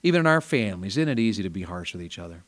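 A man preaching a revival sermon in a small church, folksy and storytelling, rising to loud emphatic peaks. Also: sits low, very animated, very fast.

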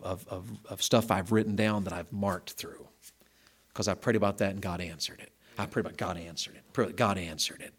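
Folksy man preaching a sermon. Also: on the low side. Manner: folksy, conversational, with bursts of loud emphasis.

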